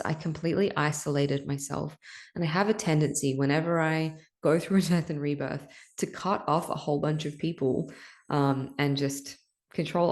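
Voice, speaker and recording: Woman, young adult, low voice, gravelly, candid spiritual podcast talk, swears and laughs. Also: darkish tone. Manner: raw, emotional, swears casually, laughs often. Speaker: podcast host.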